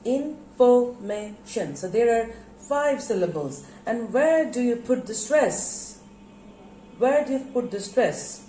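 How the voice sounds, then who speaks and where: Her voice is fairly high and warm, swinging widely in pitch as this English teacher from Bangladesh leads a lesson. She lingers on words with slow, drawn-out emphasis and repeats them for the class, recorded in an echoey room with faint noise behind her.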